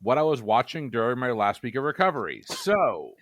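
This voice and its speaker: Jokey podcast host guy, lively up-and-down voice, dry mic. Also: mid-range voice, fairly quick, no room sound. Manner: jokey, playful introductions. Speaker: quiz show host. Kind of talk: casual podcast chat.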